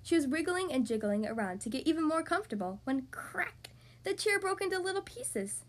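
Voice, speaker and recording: A woman hosting a podcast, reading a storybook aloud to young children in an expressive, animated way. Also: high voice, fast.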